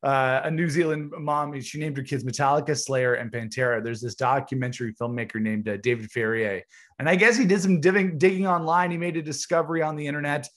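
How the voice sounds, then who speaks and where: A man's voice: on the high side, brisk. A man co-hosting a music podcast, chatting casually and with enthusiasm about bands and joking with his co-host. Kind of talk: casual chat.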